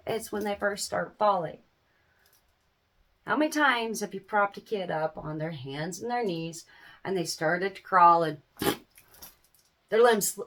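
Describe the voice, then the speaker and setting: A middle-aged woman chats to camera with lots of up-and-down in her voice, sitting a little high for a woman. She talks in a folksy, animated way, often laughing and tossing in a casual "man.". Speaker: small business owner giving parenting advice.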